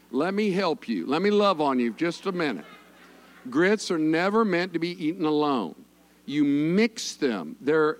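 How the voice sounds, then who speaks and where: Folksy preacher, high lively voice. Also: male voice. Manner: folksy, joking, animated with the congregation. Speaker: pastor. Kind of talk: conversational sermon.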